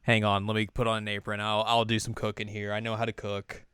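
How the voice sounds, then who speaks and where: A man's voice: on the low side, monotone, quick pace, a bit bright, smooth, no echo, clean studio sound, close to an everyday voice. A man voicing a brash, confident teen girl who takes charge of cooking. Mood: bossy.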